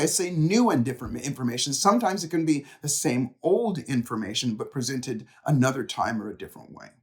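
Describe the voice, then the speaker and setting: A middle-aged man giving a motivational talk straight to the camera, telling stories and acting out what people said. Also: on the high side. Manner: animated storytelling, acts out quotes. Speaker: motivational speaker.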